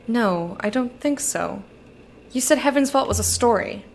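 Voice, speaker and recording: A woman's voice: on the high side, moderate pace, slight background noise. A young woman casually commenting on a video game as she plays, reading its dialogue aloud between her own thoughts. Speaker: streamer. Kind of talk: casual let's-play commentary.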